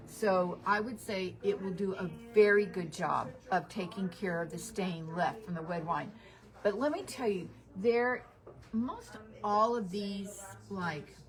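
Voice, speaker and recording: A middle-aged woman, hosting a home-advice radio show in a chatty, practical, down-to-earth way. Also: fairly low pitch. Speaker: hardware store radio show host.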